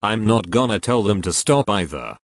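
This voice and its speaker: A synthetic man's voice with a British accent, flatly reading out joke error messages and answering them. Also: fairly low pitch, normal speed. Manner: flat, even synthetic delivery that bursts into loud shouting. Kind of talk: comedic text-to-speech reading.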